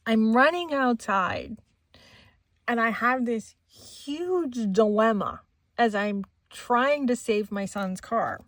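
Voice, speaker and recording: A woman's voice: mid-range voice, a little slow. A middle-aged woman hosting a crafting channel, chatting casually and laughing often as she tells a story while she works. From Maine, USA.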